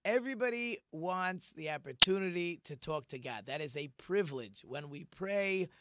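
A man teaching an informal Torah lesson, animated and acting out the quoted speech of the figures he discusses. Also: high-pitched, moderate pace, heavy background noise. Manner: animated, acts out quoted speech in different voices.

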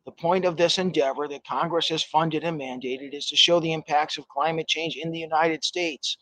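A man's voice: fairly high pitch, steady tone, moderate pace, a bit bright, no echo, rough recording. A man speaking as a panelist, building an argumentative case step by step. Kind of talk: panel discussion commentary.

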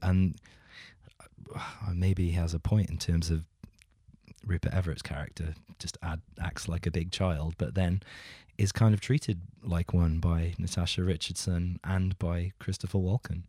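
Film podcast co-host, English man, very low voice, halting and dry. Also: little pitch movement, mellow, breathy edge, no echo. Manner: hesitant, dry humor, many fillers. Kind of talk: casual film discussion.

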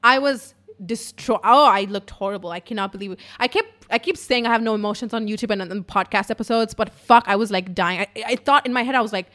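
A woman's voice: medium pitch, fast talker, fairly bright tone. A woman podcaster telling a personal story in casual, emotional speech, swearing often and filling with "like.". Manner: emotional, frequent swearing, lots of "like" fillers. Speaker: podcaster and YouTuber.

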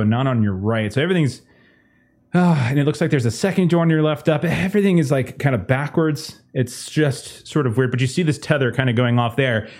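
A man guiding players through a sci-fi tabletop game as game master. He talks casually with fillers and restarts, in a somewhat high voice. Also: darkish tone.

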